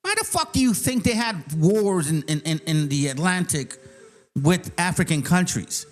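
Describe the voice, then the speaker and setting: Male host, casual rant, mocking and profane, lively, slightly high pitch. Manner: reads aloud slowly, then speeds up. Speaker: channel host. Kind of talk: casual ranting commentary.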